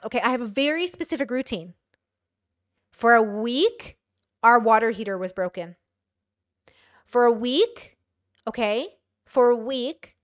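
A woman streamer telling a story in a profane, animated way during a live stream. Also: high-pitched, no room sound, studio quality. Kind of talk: casual live-stream monologue.

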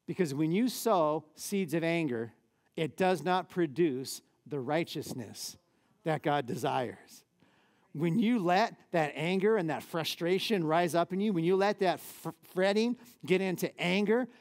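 A man, a pastor, preaching a lively sermon in a church with casual, conversational asides. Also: on the high side.

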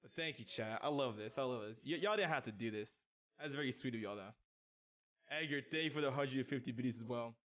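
Reading out chat messages on his stream, a young man gets excitable, bursting out loudly and swearing while a stutter forces frequent restarts. He's a fast talker with a medium pitch, heard through a muffled recording.

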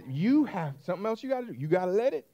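A man's voice: sits high, sing-song, fast talker, dark tone, muffled recording. A man preaching a sermon as pastor, emphatic and repetitive, calling out questions to his congregation.

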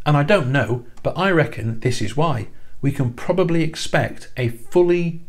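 A man talks through a music countdown video to camera. He sounds chatty and enthusiastic, with a fan's eagerness and the odd dry aside. His voice sits in a middle range for a man. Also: medium pitch. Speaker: music YouTuber and band musician. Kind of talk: casual countdown narration to camera.

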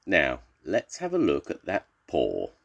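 A grandad voicing a brisk kindly vet. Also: male voice, extremely low pitch, huge pitch swings, creaky, a bit bright, husky, full character voice. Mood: calm. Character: kindly male vet, quickly flustered.

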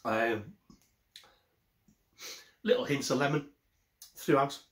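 A man's voice: medium pitch, takes it slowly. Rambling man reviewing beer. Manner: rambling, self-correcting, chatty. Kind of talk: casual beer review vlog. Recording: echoey room.

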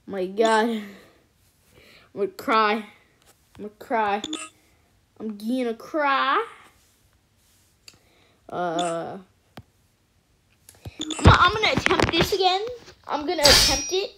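Woman host, chatty game commentary, fairly high voice, faint hiss behind. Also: slow, pauses often. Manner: excitable, chatty, cheering at wins. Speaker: gaming channel host. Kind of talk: casual let's-play commentary.

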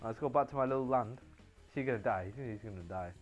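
A man giving excitable live commentary on his game stream, yelling and laughing as he teases other players. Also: medium pitch, fast talker, lo-fi sound, soft background music.

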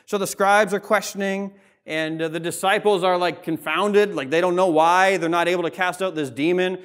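A pastor preaching a sermon in a church, reading scripture and explaining it in a conversational way with frequent asides. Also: male voice, high voice, steady tone, normal speed, fairly bright tone. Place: church sanctuary.

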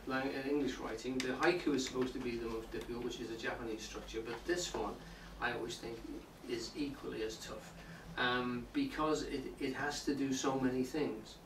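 A man gives a public talk on poetry to a live audience in an echoey indoor room, explaining things and often checking in with listeners. His medium-pitched voice is fairly even in intonation, at normal speed with few pauses. The recording sounds roomy and distant, with faint hiss.

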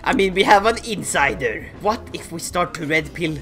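A man narrating a strategy game playthrough, excitable and theatrical, laughing and bursting into shouts. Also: a little high, moderate pace, faint music behind. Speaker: gaming YouTuber. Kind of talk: Let's Play commentary.

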